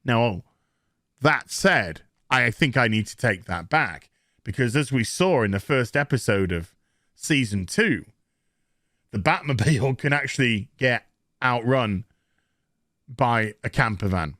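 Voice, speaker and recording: A man speaks slowly, with a bright, forceful edge, and his pitch swings widely as he mocks what he watched. He is sarcastic and swears freely. The sound is dry and close. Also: expressive, no room sound. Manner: sarcastic and profane; mocks scenes in quick put-on voices. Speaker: TV show reviewer. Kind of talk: casual recap rant.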